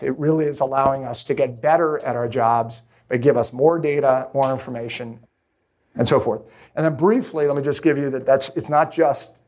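A middle-aged man, a venture capitalist, giving a live talk to an audience, energetic, often restarting his sentences. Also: medium pitch. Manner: energetic, restarts often, acts out quoted voices.

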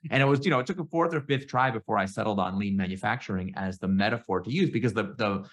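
A middle-aged man chatting as a podcast guest, his voice sitting a touch low. He tells stories with energy and acts out quoted lines with a sharp lift in pitch. The delivery is casual and conversational. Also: fast talker. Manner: animated storyteller, acts out quoted exchanges in a raised voice. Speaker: guest, entrepreneur and author.

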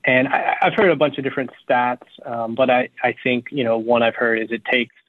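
A man's voice: medium pitch, a little fast, no room sound. Man on a tinny, dry phone line. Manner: energetic, practical, repeats words while thinking. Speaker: law firm owner, guest. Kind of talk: interview conversation.

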